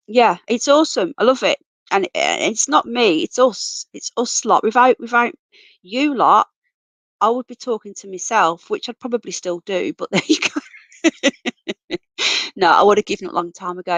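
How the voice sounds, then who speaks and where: This livestream host has a mid-range, gravelly voice with a fairly bright tone and no echo. Speaking casually into an off-camera computer mic, she reads viewer comments and addresses everyone as darling and sweetheart while losing her voice to a cold.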